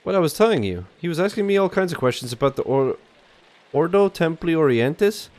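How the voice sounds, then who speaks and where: A man's voice: a little high, big pitch swings, darkish tone, pitched above the performer's own voice. A man doing a polite old bookseller. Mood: courteous. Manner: polite, unhurried, old-fashioned phrasing. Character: elderly mustached male bookseller, courteous.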